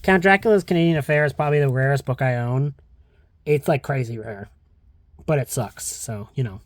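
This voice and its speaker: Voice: mid-range voice, brisk, no room sound, studio quality. Rambling, jokey book vlogger at home. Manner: rambling, jokey, swears casually, puts on silly voices. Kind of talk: casual bookshelf tour. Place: home, walking between rooms.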